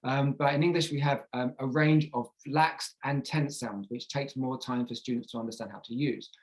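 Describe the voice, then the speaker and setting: A man's voice: medium pitch, fairly even intonation, moderate pace, low-quality recording. A man giving a conference presentation on teaching pronunciation, explaining step by step with frequent fillers and restarts. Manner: models pronunciation examples aloud.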